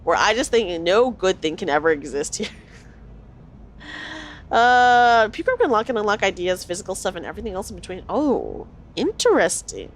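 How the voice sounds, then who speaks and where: A woman's voice: mid-range voice, big pitch swings, normal speed, a little hiss or hum. A woman streaming a game, chatting with viewers and reading dialogue aloud. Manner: chatty, reacts aloud and reads lines in character.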